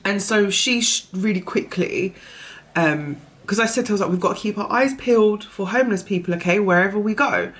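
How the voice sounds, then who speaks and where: A woman's voice: medium pitch, brisk. A young mother, chatting casually in a vlog and rambling through a story full of "I was like" asides. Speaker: vlogger.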